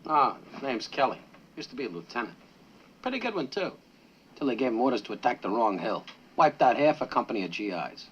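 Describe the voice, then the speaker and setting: A wisecracking army quartermaster with a gambler's streak. His voice moves around a lot in pitch. The sound is dull and lo-fi, with faint ambience from an old movie soundtrack. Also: big pitch swings, a little fast, a bit bright, slight background noise. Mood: matter-of-fact. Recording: dull old film audio.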